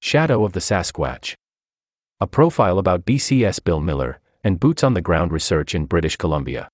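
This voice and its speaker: A man reading a feature article aloud as scripted narration, in an expressive storytelling manner. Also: low voice, normal speed, no echo, clean studio sound.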